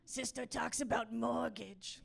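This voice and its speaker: Lady putting on a confused goblin voice, choppy third-person lines, kinda high. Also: steady tone, measured pace, vocal fry. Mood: baffled. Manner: clipped broken sentences, third person. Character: confused little goblin in her head, blunt. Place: comedy stage with audience laughing.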